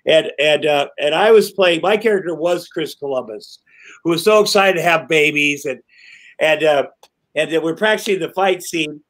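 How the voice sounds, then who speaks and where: A man on a podcast as a guest, telling rambling, animated stories, swearing and laughing as he goes. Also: on the high side, moderate pace, rough recording. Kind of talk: casual chat.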